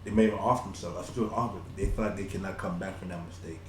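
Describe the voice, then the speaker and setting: A man's voice: sits low, fairly even intonation, fast, background noise. A man from Nigeria co-hosting a podcast, giving motivational talk in an earnest, repetitive way with many restarts. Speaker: podcast co-host. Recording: roomy echo.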